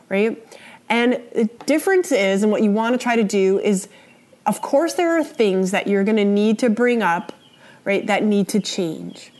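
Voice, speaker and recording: A woman's voice: mid-range voice, darkish tone. A woman teaching a lesson on relationships, explaining in a conversational way, checking in often with "right?" and acting out example quotes in a raised voice. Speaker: relationship educator. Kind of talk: spoken lecture on relationships.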